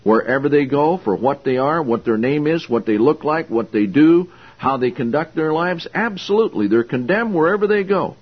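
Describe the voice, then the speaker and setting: A man's voice: fairly high pitch, animated, moderate pace, few pauses, husky. A man preaching a sermon, emphatic and confrontational, with pointed rhetorical questions, in a slightly dull lo-fi recording. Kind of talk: sermon, Bible exposition.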